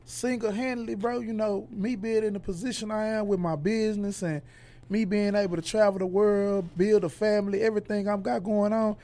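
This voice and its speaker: A man's voice: high-pitched, a little fast. A man, a podcast guest, speaking casually and animatedly as he tells stories and acts out what other people said. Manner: animated storyteller who acts out others' lines. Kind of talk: casual conversation, storytelling.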